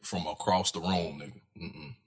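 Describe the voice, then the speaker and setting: A man's voice: deep voice, sing-song, normal speed, vocal fry. A man co-hosting a casual podcast, talking animatedly, swearing freely and stumbling over repeated words as he acts out quotes. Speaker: podcast co-host. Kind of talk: casual chat.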